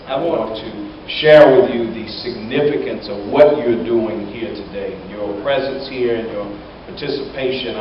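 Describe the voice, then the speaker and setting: A man's voice: on the low side, highs cut off. Candid male speaker in an echoey hall. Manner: candid, good-humored storyteller. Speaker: guest speaker for a Christian college. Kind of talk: church fundraising speech with a joke. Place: church hall. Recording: echoey hall, far from mic, noisy.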